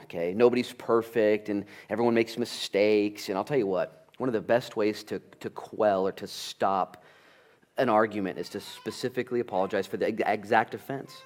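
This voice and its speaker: Pastor, male, slightly low voice, animated sermon storyteller. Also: moderate pace. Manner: animated storytelling, acts out family dialogue.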